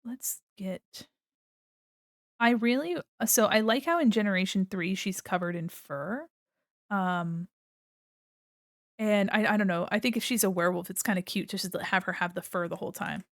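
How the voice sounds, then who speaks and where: A woman's voice: medium pitch, normal speed, no echo, studio quality. A woman streamer chatting casually while she draws, playful and giggly, laughing often and talking to her chat at a desk mic. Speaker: art streamer. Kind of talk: casual commentary while drawing.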